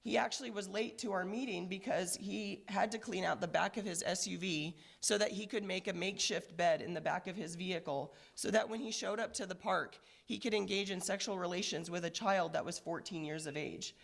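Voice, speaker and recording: A woman police commander with a hoarse voice from a recent illness, giving a measured, earnest press conference statement with frequent fillers. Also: mid-range voice.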